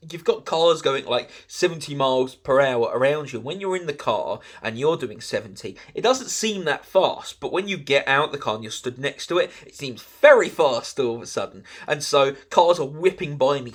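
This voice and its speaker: A man with an English accent rambles through a story on his own podcast. His voice sits at an ordinary middle pitch and he keeps stopping for "like" and "um". He is animated and quick to sound exasperated. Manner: rambling, full of "like" and "um". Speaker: podcast host. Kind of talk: casual solo storytelling.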